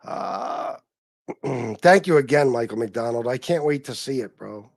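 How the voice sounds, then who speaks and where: A middle-aged man from North Carolina, ranting angrily and swearing on his livestream, loud one moment and muttering the next. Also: lively intonation, measured pace, creaky, dry recording. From North Carolina, USA. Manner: angry, sweary, swings between loud outbursts and low mutters. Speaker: livestream host. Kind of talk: profane ranting livestream talk.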